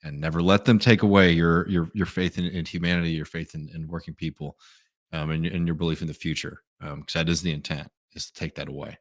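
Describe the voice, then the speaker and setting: A man hosting a live stream, reading out viewer messages and answering them in a relaxed, thinking-aloud way with many fillers. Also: low voice, fast talker. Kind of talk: casual live Q&A commentary.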